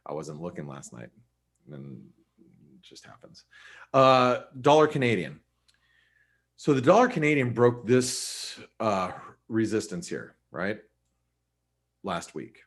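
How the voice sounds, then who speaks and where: Low-voiced man talking through charts. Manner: casual, chatty, with many restarts and fillers. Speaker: forex market analyst. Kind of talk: live webinar chart analysis.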